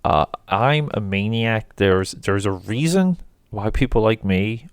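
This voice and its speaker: A man with a fairly low voice runs his own podcast solo, talking casually. He rambles with fillers and restarts but lands points emphatically. The sound is dry and close, with no room behind him. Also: expressive, slow, smooth, dry recording. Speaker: podcast host.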